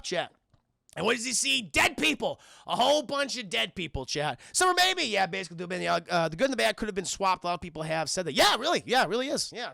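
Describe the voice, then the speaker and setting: A man's voice: sits high, vocal fry, dry recording, clean studio sound. A man casually recapping a film for his live chat, swearing a lot and acting out the characters in voices. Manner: profane, excitable, acts out scenes in voices. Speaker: film reviewer streaming to chat.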